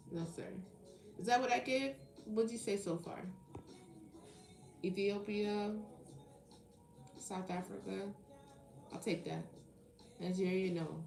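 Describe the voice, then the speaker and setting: A woman hosts a live tarot stream from home, bantering with her viewers. Her voice has a gravelly, fried edge and sits at a middle pitch. The room is echoey, with faint music playing behind her. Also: darkish tone. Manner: playful, chatty, reads comments aloud and banters. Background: faint background music.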